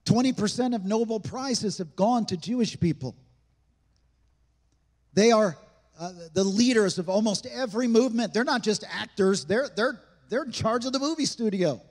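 Male pastor, high voice, emphatic conversational sermon, big hall reverb. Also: lively intonation, moderate pace, darkish tone. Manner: emphatic, conversational preaching with rhetorical questions. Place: church sanctuary.

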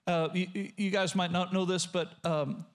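A middle-aged male pastor preaching a sermon, reading scripture slowly and urging listeners to write down key points. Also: high-pitched, steady tone. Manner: reads scripture slowly, coaxes the congregation to write things down.

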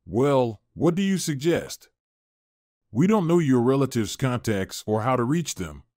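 A man's voice: medium pitch, big pitch swings, a little slow, darkish tone, dry recording. Guy doing a polite worried young man helping out a lost kid, earnest, dry close sound.

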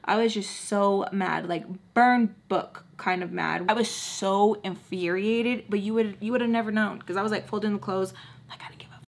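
A young woman at home, telling a story to her viewers while she does her makeup. Her delivery is chatty and animated, full of "like" and repeated words for emphasis. Her pitch sits in the middle for a woman. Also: moderate pace, creaky, few pauses. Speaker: storytime vlogger. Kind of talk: casual storytime chat.

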